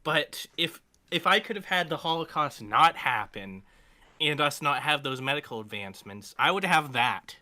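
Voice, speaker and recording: A man's voice: on the high side, animated, moderate pace, bright, forceful tone. A man co-hosting a casual commentary podcast, talking bluntly and crudely with lots of fillers and restarts. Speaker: podcast co-host.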